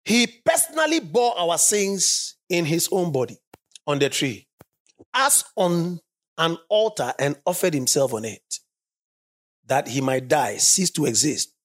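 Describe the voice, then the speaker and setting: A preacher delivers a sermon with a lively voice that rises and falls widely, sitting at a middle pitch. The speaker hammers points home by repeating them and asks the congregation to call back. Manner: emphatic, repeats phrases for stress. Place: church service.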